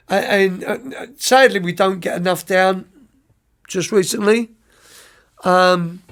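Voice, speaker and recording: A middle-aged soccer coach with a notably high-pitched voice tells stories in an interview. He talks in lively, rambling runs, trips over his words and restarts often, clearly enjoying the memory. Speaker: youth soccer coach, podcast guest. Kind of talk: anecdotal storytelling in an interview.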